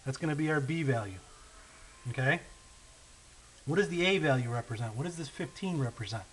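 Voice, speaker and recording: A man teaching a math lesson, walking through word problems step by step, often checking in with "okay?" and slowing down on the key numbers. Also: mid-range voice, expressive, fairly bright tone, low-quality recording. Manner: patient, checks in with frequent "okay?" and "right?"; thinks aloud while writing, slows down on key numbers. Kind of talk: recorded lesson walkthrough. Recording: faint hiss.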